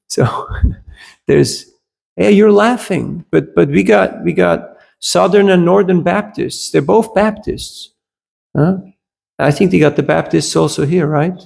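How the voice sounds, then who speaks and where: A man's voice: high voice, expressive, unhurried, creaky, a little mellow. A man giving a scripture class, telling anecdotes in a conversational way and often checking in with his listeners. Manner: switches briefly into German.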